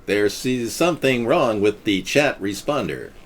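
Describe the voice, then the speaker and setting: A man hosts a casual livestream chat with a low, deep voice. He muses in a deadpan, mock-guru way. Faint noise hums under the sound. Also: a little slow. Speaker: livestream host.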